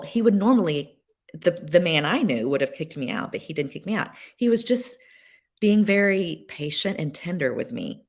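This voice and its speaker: A woman guest sharing a personal story on a podcast, emotional and halting, with many fillers and restarts. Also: lowish voice. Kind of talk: candid personal testimony.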